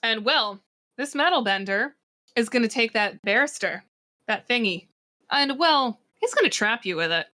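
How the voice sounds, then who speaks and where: A woman narrating as game master in a tabletop game, playful and given to dramatic pauses. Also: on the high side, expressive, bright, forceful tone.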